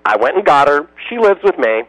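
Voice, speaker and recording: A man's voice: on the high side, very animated, a little fast, a bit bright, no room sound, poor audio. An American man, a radio interview guest, telling emotional stories and slipping into other people's voices. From United States.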